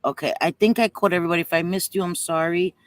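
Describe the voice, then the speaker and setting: A woman's voice: on the low side, fairly even intonation, quick pace, no echo. A woman hosting a casual livestream, chatty and affectionate with viewers, at times fighting back tears. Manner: chatty, calls viewers sweetie pie. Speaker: livestream host.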